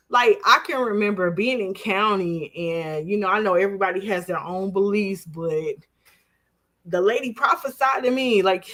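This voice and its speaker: A woman's voice: medium pitch, normal speed. A woman in her forties, an interview guest, telling a personal story with animation and acting out the voices of others. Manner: animated, acts out quoted voices, laughs while telling.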